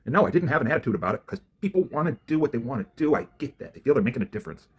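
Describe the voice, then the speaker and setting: A man with a husky, slightly rough voice tears through a fast, profane rant. His pitch leaps and drops constantly, and he swings from low grumbling mutters to loud outbursts. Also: big pitch swings. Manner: angry, profane, swings from mutters to near-shouts. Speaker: vlogger ranting to camera.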